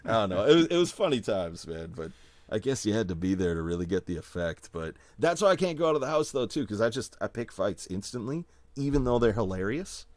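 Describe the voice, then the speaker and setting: A man from Manitoba, Canada, chats as a guest, rambling through animated stories and laughing often. His voice sits low, and the recording is dry with little room sound. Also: fairly quick, no echo. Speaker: guest musician. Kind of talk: casual storytelling chat.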